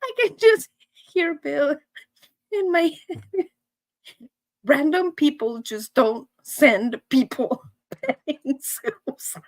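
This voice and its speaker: A high-pitched, middle-aged woman, chatting with viewers as host of her weekly live show. She giggles and laughs between almost every line. Her voice sounds close and dry, with no room echo. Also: lively intonation, extremely slow, pauses often. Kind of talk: casual chat to viewers.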